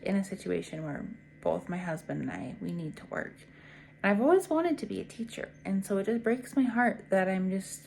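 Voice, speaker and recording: A woman's voice: medium pitch, vocal fry, a little hiss or hum. A woman in her twenties, a teacher, talking frankly to the camera in a personal vlog, tired and venting with lots of fillers. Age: 20s. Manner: frank, weary and venting, with frequent fillers and soft trailing words. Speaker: teacher vlogger.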